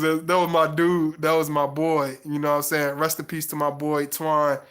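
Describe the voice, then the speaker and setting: A man's voice: a little high, flat delivery, normal speed, hardly any pauses, a bit bright. A man hosting a livestream, talking loosely and affectionately to viewers with lots of slang and fillers. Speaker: livestream host. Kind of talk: casual chat to viewers.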